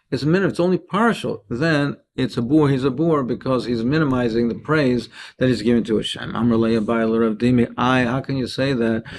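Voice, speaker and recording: A man's voice: mid-range voice, a little mellow, a little hiss or hum. A man teaching a daily Talmud lesson, explaining each Aramaic phrase and translating it.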